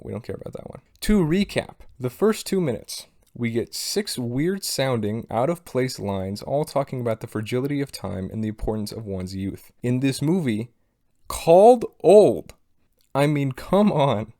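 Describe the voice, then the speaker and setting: A man's voice: mid-range voice, lively intonation, moderate pace, dark tone. A young man hosting a video essay, sarcastic and exasperated as he picks apart a movie's writing. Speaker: film critic video host.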